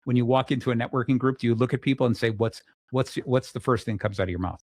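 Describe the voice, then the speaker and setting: A middle-aged man hosting a casual interview show, energetic and full of restarts, acting out the people he quotes. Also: medium pitch, quick pace, no room sound, clean studio sound. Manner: restarts often. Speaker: podcast host.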